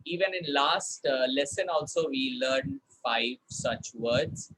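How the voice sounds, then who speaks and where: A man's voice: mid-range voice, slow, fairly bright tone, poor audio. A man teaching vocabulary in an online class, repeating words to drill their pronunciation and switching into Hindi to explain. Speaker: spoken English teacher.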